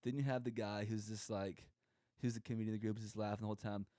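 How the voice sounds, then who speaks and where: Speaking fast in a level, mellow tone, a young man with a voice on the low side co-hosts a podcast. His casual comedic monologue rambles and jokes as he performs quoted voices, in clean studio sound with no room sound.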